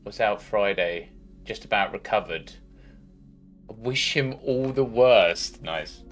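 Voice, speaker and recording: A man's voice: lowish voice, expressive, takes it slowly, faint music behind. A man livestreaming a game, chatting casually in a rambling, sweary way at a home desk mic. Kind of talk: casual chat while gaming.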